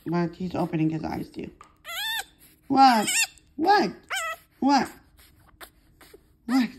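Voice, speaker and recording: A woman's voice: fairly low pitch, big pitch swings, slow pace, vocal fry, long pauses, background noise. A woman filming her puppies at home, cooing and baby-talking to them in non-native English, then turning to the camera to explain. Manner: coos and baby-talks to puppies, switching to plain explaining. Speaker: puppy owner. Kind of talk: casual home video chat.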